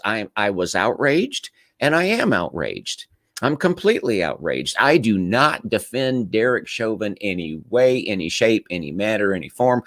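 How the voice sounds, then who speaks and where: A man's voice: fairly low pitch, a bit bright, no echo. A man giving casual, emphatic political commentary, often restarting his sentences and repeating his points. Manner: emphatic, repetitive, frequent restarts.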